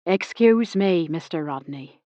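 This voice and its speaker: A woman voicing a tired, wheezy old Irish man who sweeps a car showroom, speaking softly and politely. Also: on the high side, expressive, unhurried, dry recording, muffled recording. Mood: polite, deferential. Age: older. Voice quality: wheezy breathing. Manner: soft, polite, deferential.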